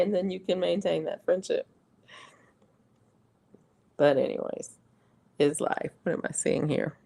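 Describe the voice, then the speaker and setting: A woman's voice: fairly low pitch, takes it slowly, creaky, long pauses, a little mellow, husky. A middle-aged woman hosting a casual livestream, chatting and laughing often as she reads viewer comments aloud. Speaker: livestream host. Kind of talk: casual live-stream chat.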